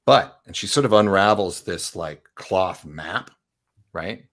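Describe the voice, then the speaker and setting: A man's voice: sits low, animated, slow pace, fairly bright tone. A man narrating as game master, rambling with many fillers and asides. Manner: rambling, lots of fillers and "right?".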